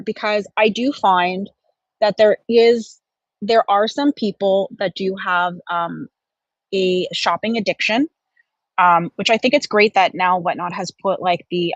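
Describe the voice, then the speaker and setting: A woman's voice: mid-range voice, a little slow, no echo, muffled recording. A woman from Canada in a casual chat, giving frank, opinionated views. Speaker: livestream seller and co-host.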